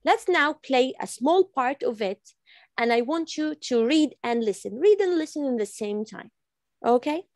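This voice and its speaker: A woman's voice: high voice, lively intonation, measured pace, darkish tone, no room sound, clean studio sound. A woman from Iran teaching an online English class, repeating phrases patiently for her learners over a video call. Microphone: computer mic on video call.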